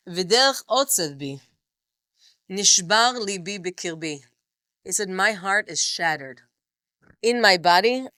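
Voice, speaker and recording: A woman's voice: medium pitch, bright, forceful tone, dry recording. A woman teaching a text study class, reading passages aloud with feeling and then explaining them.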